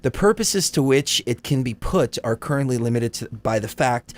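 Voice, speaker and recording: A man's voice: mid-range voice, expressive, moderate pace. Guy cohosting a live stream, laughs a lot, swears, reads a doc aloud stumbling. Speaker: livestream co-host. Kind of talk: casual live-stream chat and document reading.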